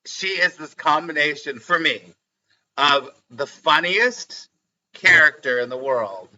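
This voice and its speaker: Bright, animated middle-aged man streaming. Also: fairly high pitch, takes it slowly, lo-fi sound. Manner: animated and chatty, often laughing and repeating lines. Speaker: spiritual teacher hosting a live stream. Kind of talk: casual live-stream chat.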